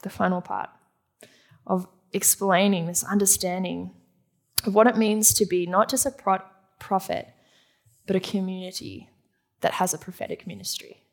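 A woman's voice: mid-range voice, steady tone, moderate pace, vocal fry, pauses often. A woman preaching a sermon to a live audience in a teaching manner, asking the room questions and answering them.

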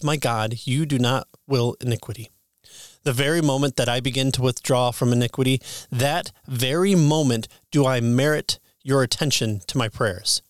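A man reading an ancient sermon aloud in a measured way, slowing down to stress key phrases. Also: mid-range voice, dry recording, clean studio sound. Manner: measured, with slow emphatic phrases. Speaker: sermon reader.

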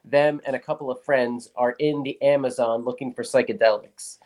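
Guy rambling on a podcast, mid pitch, swears a lot, loose easy talk. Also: fairly even intonation, normal speed, a little mellow. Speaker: podcast guest. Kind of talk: casual chat.

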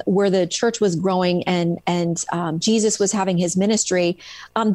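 A woman's voice: mid-range voice, darkish tone, no room sound. Woman, author guest, storytelling, frequent ums and restarts, dry recording. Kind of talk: casual interview about her book.

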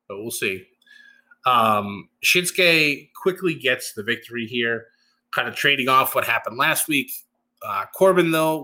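Male host, bright tone, chatty and animated for a casual solo recap. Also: mid-range voice. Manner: chatty, animated retelling with frequent laughs and fillers.

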